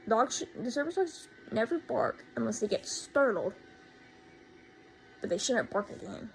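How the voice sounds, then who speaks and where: A woman's voice: fairly high pitch, big pitch swings, a little slow, gravelly, pauses often, slight background noise, rough recording. A teenage girl telling a storytime rant, indignant and sarcastic, repeating herself for emphasis. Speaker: vlogger.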